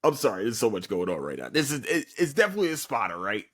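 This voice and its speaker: Tired podcast guy, kinda low voice, rambling and cussing through an anime recap. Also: huge pitch swings, fast, a bit bright. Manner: rambling and profane, many fillers. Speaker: podcast host. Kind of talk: casual anime episode recap.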